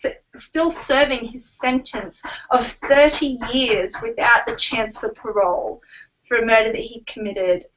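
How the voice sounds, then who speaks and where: Woman, high voice, chatty, rambling, podcast co-host, slightly distant mic. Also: unhurried, a bit bright. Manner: chatty, rambling, cites figures. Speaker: book blog co-host. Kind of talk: casual podcast chat about book news.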